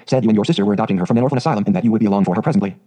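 Man voicing a brisk, offhand station master. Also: fairly low pitch, dark tone, slightly rough.

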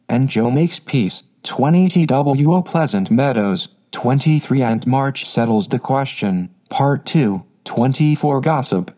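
A man's voice: mid-range voice, mellow. A synthetic male voice narrating an audiobook, sometimes spelling words out letter by letter. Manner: spells out words letter by letter, reads symbols aloud.

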